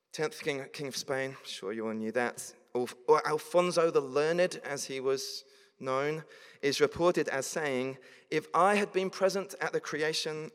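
A man preaching a sermon, reading scripture verses aloud and then explaining them in a conversational way. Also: medium pitch. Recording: long reverb of a large hall.

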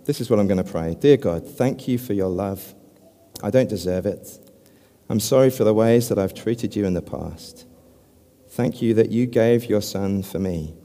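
A man giving an earnest evangelistic talk as a preacher, speaking gently and slowing down to lead a prayer. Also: on the low side. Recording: long hall reverb.

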